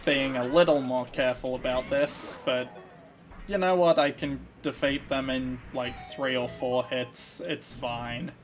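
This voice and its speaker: A man's voice: mid-range voice, fairly even intonation, a little slow, faint music behind. A man casually commentating his video game playthrough, musing through his moves with a slight frog in his throat. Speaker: let's play host.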